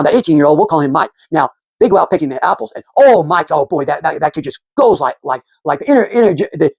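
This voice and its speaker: A man talks through civics in a loose, rambling way, stumbling and restarting often. His voice is gravelly and husky, slightly high, and the sound is dry and close. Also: darkish tone, no echo. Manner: rambling, many restarts and fillers. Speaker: civics commentator. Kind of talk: casual explanatory talk.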